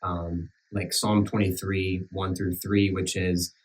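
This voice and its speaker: Deep-voiced earnest minister with a country accent. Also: male voice, flat delivery, far from the mic, poor audio. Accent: rural American country. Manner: halting, many restarts and fillers, earnest. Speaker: minister back from sabbatical. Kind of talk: casual podcast chat. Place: church podcast room.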